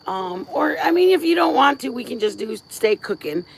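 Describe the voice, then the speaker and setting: A woman's voice: sits high, very animated, moderate pace, vocal fry, crowd noise. A middle-aged woman from Michigan hosting a casual livestream outdoors at night, chatting in a rambling way full of fillers and restarts. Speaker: livestream host. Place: outdoors at night, crickets around.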